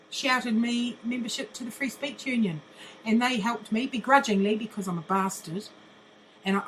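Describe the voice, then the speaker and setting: A woman's voice: mid-range voice, a little hiss or hum, low-quality recording. An older woman, ranting bluntly in a monologue, mocking and swearing constantly, laughing often. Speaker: vlogger.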